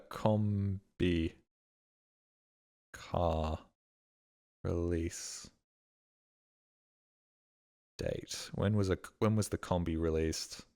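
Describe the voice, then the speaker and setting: A man's voice: low voice, darkish tone. A male streamer giving casual gaming commentary, thinking aloud, swearing freely and bragging.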